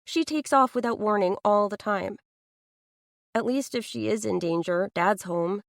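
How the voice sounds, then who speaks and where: A woman's voice: mid-range voice, unhurried, creaky, no room sound, studio quality. A woman narrating a first-person audiobook thriller, reading an anxious inner monologue in an earnest way.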